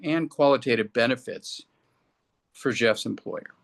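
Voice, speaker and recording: A man's voice: medium pitch, a little slow. A man co-hosting a business podcast, talking earnestly and restarting his sentences often. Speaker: podcast co-host. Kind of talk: casual discussion.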